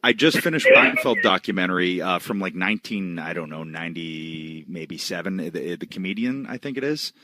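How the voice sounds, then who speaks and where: A man's voice: low voice, lively intonation, normal speed, few pauses, pushed and bright, a little hiss or hum. A man co-hosting a podcast, speaking reflectively with trailing hesitations. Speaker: podcast co-host. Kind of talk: casual podcast chat.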